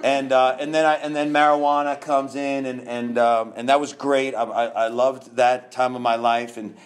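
A man's voice: medium pitch, little pitch movement, moderate pace. A man in his fifties from New York, a guest telling his own story candidly, rambling with restarts and laughs.

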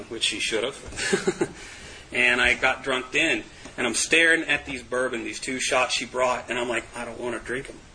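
A man's voice: mid-range voice, pushed and bright, slight background noise, low-quality recording. A man giving a candid, self-mocking personal testimony to a group, laughing often. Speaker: recovery meeting speaker.

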